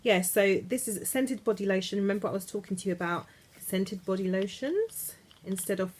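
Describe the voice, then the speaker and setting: A woman's voice: medium pitch, moderate pace, a little hiss or hum. A woman chatting casually to camera from her bed about perfumes, gushing and often trailing off mid-sentence. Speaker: beauty vlogger. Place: in bed at home.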